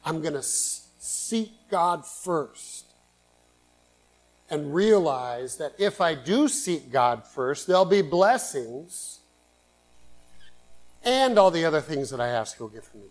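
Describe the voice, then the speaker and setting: A man preaching a sermon in earnest, swinging between loud emphatic bursts and quiet asides. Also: a little high, sing-song, slow, long pauses, faint music behind, low-quality recording. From San Francisco Bay Area, USA. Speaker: pastor.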